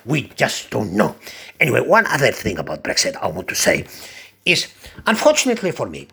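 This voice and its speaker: A man's voice: fairly high pitch, wildly swooping pitch, moderate pace, vocal fry, bright, forceful tone, breathy edge. An older man from Cyprus, a barber, chatting in a rambling monologue and chuckling often. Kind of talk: casual monologue.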